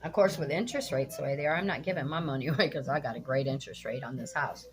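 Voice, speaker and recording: A woman's voice: extremely low pitch, fast. Blunt, indignant middle-aged woman vlogger. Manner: blunt, indignant, swears freely. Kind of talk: casual storytelling vlog while cooking.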